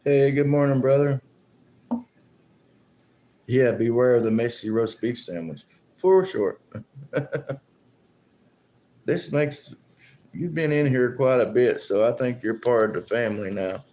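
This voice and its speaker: A man drawls through a casual live stream, taking his time over every thought. He rambles from one joke to the next, chuckling as he goes. His voice sits at an ordinary middle pitch. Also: takes it slowly, long pauses, warm tone. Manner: rambling, joking, chuckles often.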